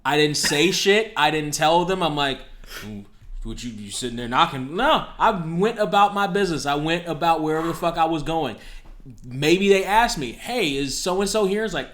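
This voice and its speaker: A man's voice: fairly high pitch, animated, normal speed, fairly bright tone. A man co-hosting a podcast, making wry, blunt comments in casual chat. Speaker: podcast co-host.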